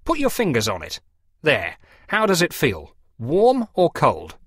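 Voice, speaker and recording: A man's voice: fairly high pitch, wildly swooping pitch, unhurried, no echo, studio quality, voice pushed up, exaggerated voice. A man voicing a fussy, pompous middle-aged clergyman who lectures in a precise, theatrical way. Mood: lecturing.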